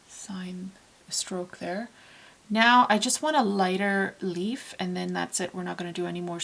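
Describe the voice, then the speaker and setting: A woman teaching a watercolour painting tutorial in a casual, chatty way, talking softly as she paints and sometimes dropping to a near-whisper. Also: lowish voice, gravelly, slight background noise, rough recording. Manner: chatty and relaxed, with fillers and self-corrections.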